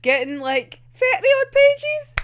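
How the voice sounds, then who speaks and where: A woman's voice: very high-pitched, very animated, measured pace, very noisy. A young woman reacting to a manga chapter, gushing, giggling often, swearing freely and saying "like" constantly. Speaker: manga reviewer.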